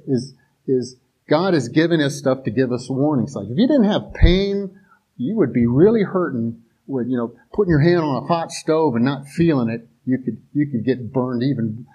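A man's voice: medium pitch, dark tone, slightly rough, low-quality recording. A man giving a casual, rambling sermon, drawing on his days as a police officer and talking in an easy, conversational way with frequent restarts. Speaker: preacher and former police officer.

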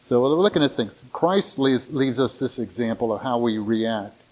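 A man preaching a sermon in a conversational way, slowing down and lifting his voice when he reads scripture. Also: mid-range voice, animated, a little mellow, low-quality recording. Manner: conversational, with frequent restarts and fillers; slows down and lifts his voice when reading scripture. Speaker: pastor.

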